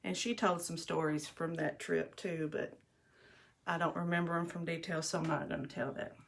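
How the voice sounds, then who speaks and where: Middle-aged woman, livestream host; low-ish, chatty, rambling storyteller doing makeup on a phone. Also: fairly even intonation, normal speed, creaky, background noise. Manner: chatty, rambling, addresses viewers as y'all. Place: bathroom at home.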